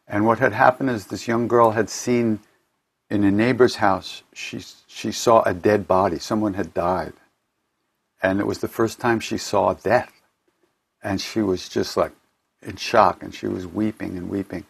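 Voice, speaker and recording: A man's voice: fairly low pitch, steady tone, a little slow, creaky, husky. A man hosting an online gathering from his home, telling spiritual stories in a rambling, casual way and restarting his sentences often. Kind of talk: casual storytelling talk. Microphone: home computer mic for an online event.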